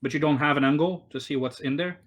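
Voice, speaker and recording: A man's voice: fairly high pitch, fast talker. Casual rambling male game master. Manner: rambling, with many fillers and restarts. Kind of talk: narrating a tabletop game. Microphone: online voice call.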